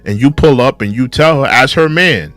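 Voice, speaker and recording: A man's voice: medium pitch, moderate pace, fairly bright tone, no echo, faint music behind. A young man hosting a reaction video, casually commenting on a clip, repeating rhetorical questions and reading viewer comments aloud. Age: young adult.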